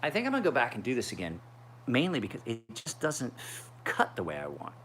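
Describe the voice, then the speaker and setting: Listen to a man in his forties chatting on a casual livestream, his pitch swinging up and down as he rambles through a story. His voice is bright and forceful, and he swears freely. A faint noise sits under him. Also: huge pitch swings, a little fast. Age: 40s. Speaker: knife sharpener streaming live.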